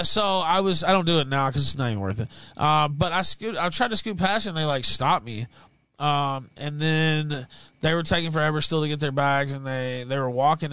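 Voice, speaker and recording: A man's voice: medium pitch, sharp tone, clear, resonant tone, no echo, low-quality recording. A young man telling a blunt, profane story in casual podcast chat.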